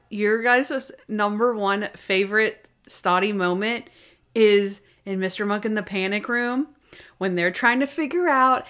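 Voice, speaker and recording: Chatty woman podcast co-host. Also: medium pitch. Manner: animated retelling, acting out quoted lines. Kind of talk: casual chat recapping TV episodes.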